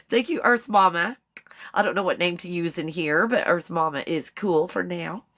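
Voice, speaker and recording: A woman's voice: lowish voice, unhurried, fairly bright tone. Chatty woman hosting a live stream. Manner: chatty, reads viewer comments aloud, laughs often; spells out words letter by letter. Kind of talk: casual live stream chat.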